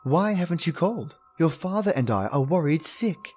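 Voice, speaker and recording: A man voicing an anxious, nagging middle-aged mother in a dark story reading. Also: low-pitched, animated, normal speed, husky, soft background music, pitched above the performer's own voice. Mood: fretful.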